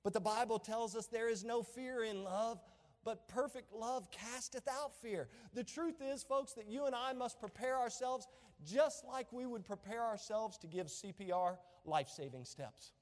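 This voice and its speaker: A man with a very high voice preaches a fervent sermon in a drawl. He presses hard on key lines, then drops to quiet asides. His voice rings out with a long reverb, as in a church hall. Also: normal speed. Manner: impassioned preaching, swings between loud emphasis and hushed asides. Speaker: pastor.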